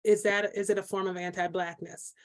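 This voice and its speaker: A woman moderates a panel discussion at an even, middle pitch. She reads out audience questions and frames them in a measured way.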